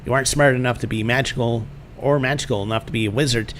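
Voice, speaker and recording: A man's voice: medium pitch, fairly even intonation, quick pace, a bit bright, a little hiss or hum. Wry man narrating a game. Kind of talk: casual let's-play narration and reading.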